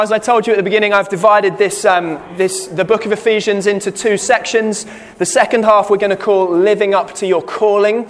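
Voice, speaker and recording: A man leading a Bible study in a church hall, explaining a passage with frequent "okay"s and restarts. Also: high-pitched. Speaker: Bible teacher.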